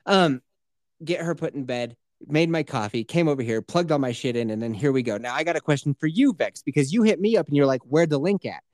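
A man's voice: on the high side, lively intonation, brisk, a little mellow, no echo. A young man, the podcast host, telling rambling, crude stories in casual chat with frequent laughter.

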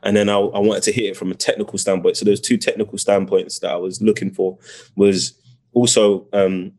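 Soft-spoken British man, low voice. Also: fairly quick. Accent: British English. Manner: reflective, searching for words with restarts, bursts of excitement. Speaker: actor, guest. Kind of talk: casual interview talk.

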